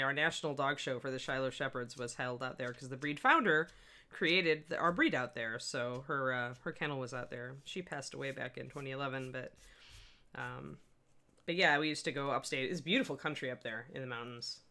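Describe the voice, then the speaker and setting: A middle-aged woman with a notably low voice hosts a casual live-stream lesson. She talks in a chatty, upbeat way and greets her viewers by name as she works at her painting desk. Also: pushed and bright. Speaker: miniature painting instructor, stream host.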